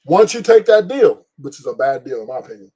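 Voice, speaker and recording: A middle-aged man with a husky, slightly raised voice hosts a casual stream. He talks bluntly and profanely, rambles from point to point and laughs at his own stories. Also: fairly high pitch, big pitch swings, a little fast, mellow. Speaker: podcast host. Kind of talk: casual opinion talk on a live stream.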